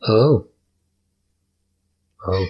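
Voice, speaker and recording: A man's voice: drawn-out words, highs cut off. A young man narrating comedic movie recaps in a crude, mocking way, often breaking into silly voices.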